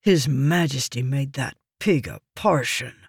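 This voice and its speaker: A reader voicing an honest young male soldier who speaks in a dark, grim tone in an audiobook. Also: animated, takes it slowly, no room sound, clean studio sound. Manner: dark, low tone.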